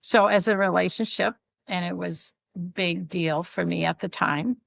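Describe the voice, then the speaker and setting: A middle-aged woman, a podcast guest and author, chatting casually and telling personal stories in an animated way. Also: fairly low pitch, normal speed, creaky, dry recording. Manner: animated storytelling, chatty asides. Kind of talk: casual chat.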